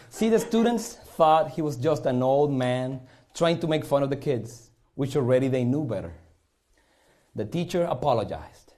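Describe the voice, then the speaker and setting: A man's voice: medium pitch, mellow. A man from Puerto Rico with a Puerto Rican accent, performing a live magic show on a studio stage and joking theatrically with the audience.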